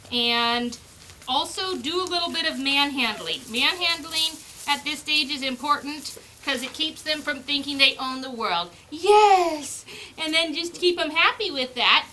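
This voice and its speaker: A woman with a high, bright, ringing voice explains how she raises her pups, chatting easily and breaking into sing-song baby talk to them. She is recorded outdoors on a farm, and there is a faint hiss of noise behind her. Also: expressive, unhurried. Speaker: dog breeder. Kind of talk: casual explaining while handling puppies.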